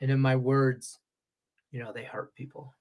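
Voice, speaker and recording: Against background noise, a mid-range male voice at normal speed delivers a casual, heated rant on a Las Vegas sports betting show. He swears freely and is animated, and his sinuses are so stuffed that his voice comes out congested.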